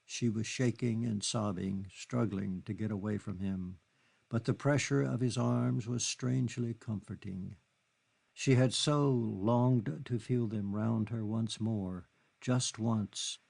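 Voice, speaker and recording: A man narrating a literary novel in a measured, steady reading. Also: on the low side, gravelly. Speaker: audiobook narrator.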